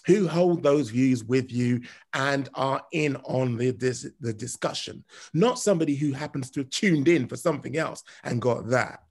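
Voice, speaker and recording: Gravelly husky man, measured talk. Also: medium pitch, a little mellow. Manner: measured, reasoned explanations. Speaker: podcast co-host. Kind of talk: casual podcast discussion.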